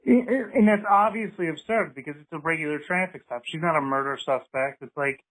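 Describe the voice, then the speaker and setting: A man with a somewhat high voice lays out his points carefully during a relaxed podcast chat. His voice has a faintly radio-like sound to it. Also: a little fast, low-quality recording. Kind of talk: casual podcast conversation.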